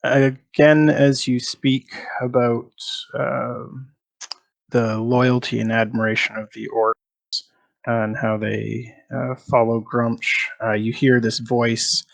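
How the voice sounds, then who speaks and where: A man's voice: medium pitch, little pitch movement, takes it slowly, gravelly, dry recording. A man narrating as game master of a tabletop game, describing scenes and asking players for checks.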